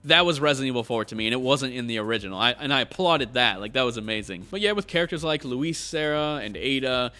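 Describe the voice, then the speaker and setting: Animated, passionate male game commentator. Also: medium pitch, fast, few pauses. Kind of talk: opinionated rant.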